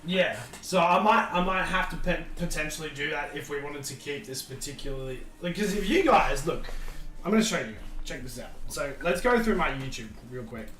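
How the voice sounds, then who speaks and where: Here a streamer with a fairly high, expressive and somewhat bright voice talks briskly, far from his mic. The room echoes and there's a faint hum of noise behind him as he hosts his laid-back podcast stream, musing aloud and circling back to restart again and again.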